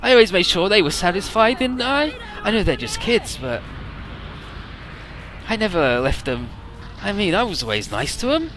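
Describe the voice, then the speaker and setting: A man's voice: high voice, very animated, normal speed, a bit bright, soft background music, voice pushed up. A man voicing a giggly, deranged male villain, taunting in a sing-song voice that rises to shrieks. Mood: sing-song gloating.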